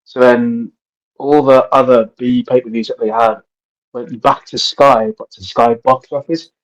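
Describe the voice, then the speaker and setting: A man's voice: mid-range voice, fairly even intonation, a little slow, poor audio. A man co-hosting a podcast, telling a rambling story in casual chat. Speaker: podcast co-host.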